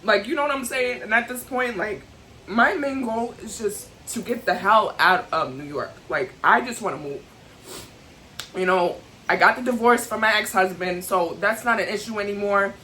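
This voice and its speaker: A woman's voice: medium pitch, normal speed, bright, forceful tone, a little hiss or hum, rough recording. A young adult woman venting to camera in an emotional, heated, rambling way, full of "like" and "you know what I'm saying". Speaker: vlogger.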